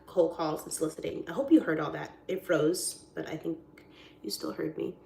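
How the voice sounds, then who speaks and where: A woman's voice: low-pitched, steady tone, normal speed, creaky, warm tone, slight background noise. Goofy chatty woman in an echoey room. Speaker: realtor. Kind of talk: casual live-stream chat. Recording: roomy echoey sound.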